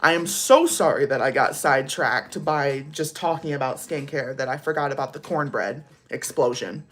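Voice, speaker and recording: A woman's voice: rumbling low, moderate pace. A young woman vlogger telling a casual storytime, rambling with lots of "like" fillers and laughing as she goes.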